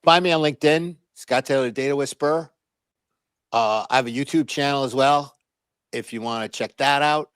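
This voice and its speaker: A man in his sixties telling stories as an interview guest, animated, with many restarts and fillers. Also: medium pitch, normal speed, clean tone, no room sound. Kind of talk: casual interview storytelling.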